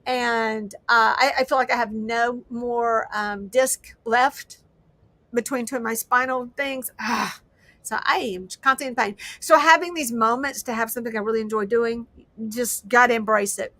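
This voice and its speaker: A woman's voice: on the high side, steady tone, moderate pace, bright, forceful tone, no echo. A woman hosting a casual crafting livestream, chatting in a rambling, self-deprecating way. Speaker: livestream host.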